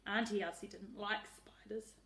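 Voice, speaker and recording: A woman teacher reading a picture book aloud in a lively, expressive way. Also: medium pitch, moderate pace, gravelly, a little hiss or hum. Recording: roomy echo.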